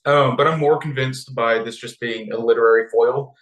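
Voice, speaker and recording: A man's voice: normal speed, few pauses. Casual man in an echoey room. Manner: animated, acts out characters' lines in high voices. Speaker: podcast co-host. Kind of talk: casual chat retelling a story.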